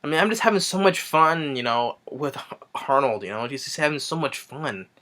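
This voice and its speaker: A man's voice: on the high side, expressive, a little fast, pushed and bright. A man giving a casual spoken movie review, retelling scenes eagerly with many fillers and restarts.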